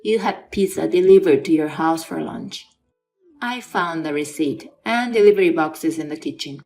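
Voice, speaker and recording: A woman's voice: low voice, normal speed, darkish tone, faint music behind. A woman voicing a stern aunt who firmly scolds her nephew, in a scripted story reading. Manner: firm, scolding.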